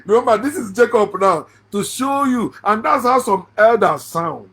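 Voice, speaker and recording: A man's voice: sits high, very animated, unhurried, breathy edge. A middle-aged man with a Nigerian accent, giving a sarcastic, laughing monologue about a Bible passage. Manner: laughs often, sarcastic, rising into shouts. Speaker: online Bible commentator. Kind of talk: mocking monologue on scripture.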